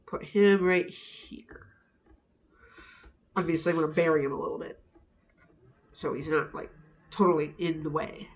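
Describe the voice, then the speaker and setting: A woman chatting playfully to herself while building a craft project, often dropping to soft murmurs. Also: low voice, steady tone, unhurried, long pauses, muffled recording. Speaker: craft vlogger. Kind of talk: casual narration while crafting. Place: indoors at a craft table. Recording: roomy echo.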